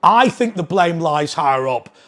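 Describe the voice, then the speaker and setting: A man with a notably high-pitched voice delivers a political commentary straight to camera. He is indignant and keeps hammering his points with pointed rhetorical questions. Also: animated, moderate pace, fairly bright tone. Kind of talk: opinionated monologue to camera.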